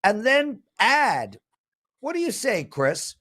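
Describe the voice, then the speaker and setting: A man's voice: very high-pitched, wildly swooping pitch, slow pace, sharp tone. A man hosting a sports betting show, chatty and mocking as he reads out viewer comments and answers them. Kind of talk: casual panel talk.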